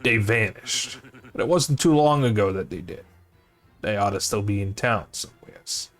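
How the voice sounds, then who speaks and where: A gravelly-edged mob boss with a put-on old-time gangster accent, played by a man. He talks low and slangy, swooping around as he reads, tough on the outside with a soft spot. It sounds like a game being read aloud on a stream. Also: lively intonation, moderate pace, faint music behind, lightly acted. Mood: confiding. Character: gruff older male mob boss, tough but soft-hearted.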